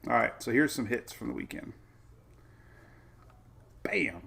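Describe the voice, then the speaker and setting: Chatty excitable man with a gravelly voice. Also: medium pitch, a little slow. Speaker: weather show host. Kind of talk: casual live-stream chat.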